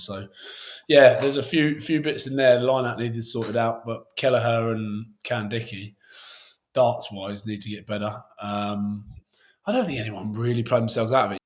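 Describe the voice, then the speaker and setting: A man, a former rugby player, with a fairly low voice, giving blunt and opinionated rugby analysis. He talks plainly and casually on a podcast. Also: steady tone, moderate pace.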